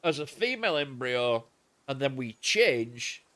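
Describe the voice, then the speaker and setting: A man's voice: medium pitch, very animated, unhurried, sharp tone. A man, streaming a game and rambling crudely in casual chat.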